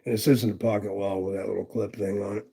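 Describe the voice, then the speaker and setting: A man's voice: fairly low pitch, level tone, quick pace, gravelly, warm tone. A man reviewing knives on a live stream in casual, rambling chat, swearing freely and greeting viewers by name. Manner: rambling, profane, chatty with viewers. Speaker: knife reviewer livestreaming.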